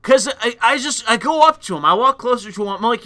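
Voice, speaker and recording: A young man casually telling a rambling, profane story on a stream, loud by his own account. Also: very high-pitched, expressive, quick pace, hardly any pauses.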